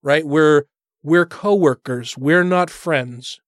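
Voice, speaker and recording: A man's voice: on the high side, slow pace, no room sound, clean studio sound. A man co-hosting a podcast in blunt, sarcastic casual chat, swearing often and laughing, with the hiccups. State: has the hiccups. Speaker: podcast co-host. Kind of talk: casual profane banter.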